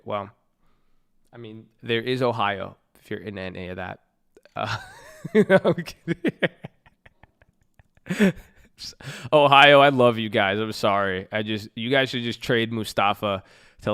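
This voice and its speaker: A man's voice: on the low side, measured pace, vocal fry, a bit bright, clear, resonant tone. Profane, joking young man from California. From Southern California. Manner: joking, slangy and profane, with frequent laughs. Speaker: live streamer. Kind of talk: casual chat reading viewer messages. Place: at a computer, indoors.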